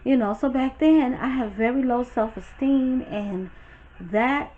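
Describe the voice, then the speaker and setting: A woman from Brooklyn, telling a story to her viewers in a chatty, animated and profane way. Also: a little high, unhurried, narrow, tinny audio, slight background noise. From Brooklyn, New York. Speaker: storytime vlogger. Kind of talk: casual storytelling.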